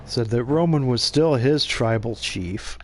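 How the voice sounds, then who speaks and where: A man's voice: medium pitch, a little slow, a little hiss or hum. Rambling, profane male gameplay commentator. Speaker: gaming channel host.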